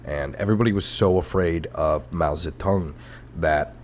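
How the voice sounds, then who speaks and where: A man's voice: deep voice, normal speed, a little mellow, a little hiss or hum. A man hosting a comedic history podcast, rambling and sarcastic, with frequent profane rants. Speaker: podcast host.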